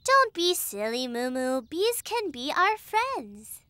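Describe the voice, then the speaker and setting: A woman's voice: high-pitched, big pitch swings, slow pace, sharp tone, dry recording, exaggerated voice. A woman voicing a cheery little cartoon friend who talks in a playful, sing-song way. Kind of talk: children's cartoon voice acting.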